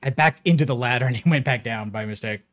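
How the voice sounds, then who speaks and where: Man player, mid-pitched, halting, mutters while playing. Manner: halting, mumbles to himself. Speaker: player at the controls. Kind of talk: casual let's-play chat.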